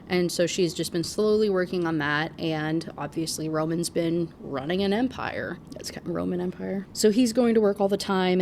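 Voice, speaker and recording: A young woman recaps a story casually and candidly. Her voice sits a bit low for a woman. She drops sarcastic little asides as she goes. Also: slight background noise. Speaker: book reviewer.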